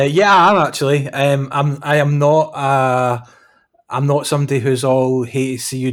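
Dry-witted Glaswegian man. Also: mid-range voice. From Scotland. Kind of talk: casual chat.

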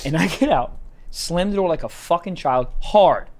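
A man, a comedian and podcast co-host, telling a story in casual chat, animated and cursing often. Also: fairly high pitch, moderate pace, a little hiss or hum. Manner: animated storyteller, swears a lot.

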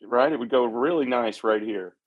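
A man co-hosting a livestream in casual chat, relaxed, with dry joking asides. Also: mid-range voice, normal speed, phone-quality sound. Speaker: co-host.

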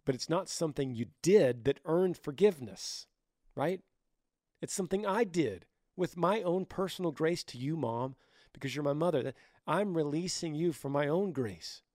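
A man's voice: fairly high pitch, lively intonation, normal speed, dry recording, studio quality. A man hosting a podcast, giving casual advice in an earnest, conversational way, his voice a little scratchy. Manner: earnest, conversational, with restarts and soft laughs. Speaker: podcast host.

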